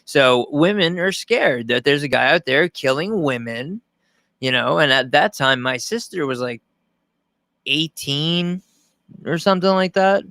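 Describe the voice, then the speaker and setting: A man's voice: on the high side, expressive, unhurried, sharp tone, no echo. A man from Long Island rambling through a profane livestream reaction at home, restarting sentences as he goes. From Long Island, New York. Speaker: streamer reacting to a news clip. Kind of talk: casual livestream commentary.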